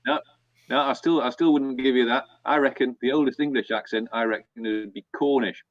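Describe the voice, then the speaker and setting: A man's voice: mid-range voice, a little fast, no room sound. Geordie man, hesitant co-host, dull dry mic. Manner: hesitant, thoughtful. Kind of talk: casual banter on a live stream.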